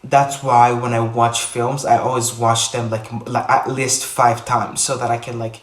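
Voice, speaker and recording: A man vlogging to the camera in casual chat, rambling and repeating himself with animated bursts. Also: medium pitch, moderate pace. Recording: echoey room, a bit far from mic.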